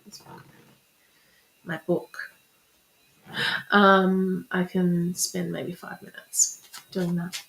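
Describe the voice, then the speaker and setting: A woman's voice: fairly low pitch, completely flat delivery, very slow, gravelly, pauses often, a bit bright. Chatty encouraging woman in echoey room. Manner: chatty, encouraging, repeats affirmations. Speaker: spiritual reader and coach. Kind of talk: live-streamed motivational talk. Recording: roomy echo.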